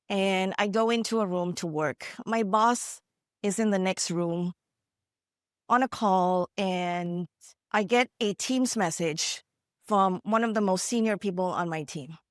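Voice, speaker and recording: A woman's voice: mid-range voice, measured pace, no room sound, studio quality. A woman from India giving a motivational keynote, telling stories in an earnest, conversational way with frequent asides to the audience. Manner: earnest, conversational, frequent "you know" and "right?". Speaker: keynote speaker.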